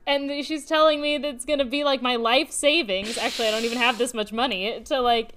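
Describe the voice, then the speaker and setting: High-pitched woman in her 20s, chatty, gets flustered telling a story. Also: quick pace, a little hiss or hum. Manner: animated, flustered storytelling with laughs. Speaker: podcast co-host. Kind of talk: casual chat, storytelling.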